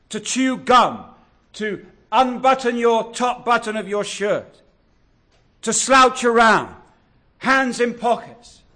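A man preaching a sermon, earnest and exhortative, drawing out key words slowly. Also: high-pitched, a bit bright. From England.

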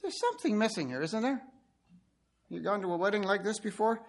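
A man's voice: high-pitched, fairly quick. A man preaching a sermon, telling stories and speaking directly to his listeners. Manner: animated storytelling, addresses listeners directly.

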